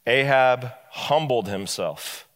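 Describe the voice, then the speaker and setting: Bright-voiced preacher in an echoey hall. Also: male voice, mid-range voice, slow pace. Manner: animated storytelling, acts out the characters. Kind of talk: sermon retelling a Bible story.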